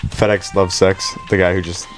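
A man's voice: low-pitched, level tone, moderate pace, soft background music. A young man co-hosting a podcast in casual chat, reading listener questions and laughing easily. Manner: laughs often, easygoing and joking.

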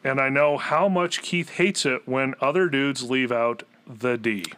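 A man's voice: medium pitch, measured pace, sharp tone, smooth. A man co-hosting a casual podcast, reading listener emails aloud with crude jokes and frequent laughter.

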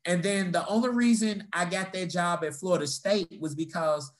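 A man's voice: sits high, moderate pace. A young man casually telling personal stories in conversation, swearing freely and acting out the people he quotes. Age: young adult. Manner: animated storytelling, swearing, acting out quoted voices. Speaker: storyteller in a conversation. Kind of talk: casual chat.

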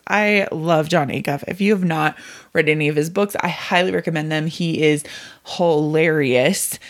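A young woman hosting a podcast, talking casually and upbeat about mindset and goals, acting out her inner voice in quick little asides. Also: fairly low pitch. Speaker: podcast host. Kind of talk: casual motivational monologue.

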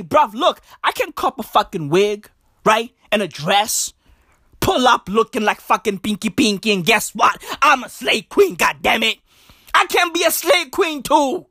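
A woman's voice: high voice, pushed and bright, no echo, clean studio sound. A woman delivering a profane comedic rant, mocking and repetitive, hammering lines home with heavy swearing. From South Africa.

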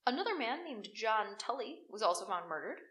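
A woman's voice: on the high side, big pitch swings, a little fast, fairly bright tone, echoey room. A woman co-hosting a podcast, telling a true crime story in a chatty, joking way. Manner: chatty, jokey storytelling, laughs often. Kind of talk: casual chat.

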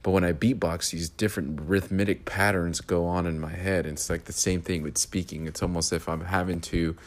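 A man hosting his own podcast, talking through his thoughts in a reflective solo monologue with a steady rhythm. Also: low voice, normal speed. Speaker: podcast host.

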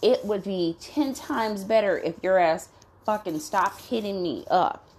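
A woman's voice: mid-range voice, unhurried, darkish tone. A woman ranting bluntly, swearing constantly and asking "you know what I'm saying?" between fired-up, indignant complaints. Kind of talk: profane venting rant.

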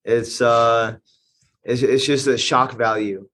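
A man's voice: medium pitch, steady tone, fairly bright tone. A man guesting on a podcast as a gym owner and coach, chatting with enthusiasm, often restarting his sentences and laughing as he talks. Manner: enthusiastic, halting restarts, laughs while talking. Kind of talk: casual chat.

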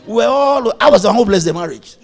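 A man's voice: high-pitched, animated, fast, faint music behind. A male pastor preaching a playful, anecdotal sermon, laughing often as he tells stories. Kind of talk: storytelling sermon.

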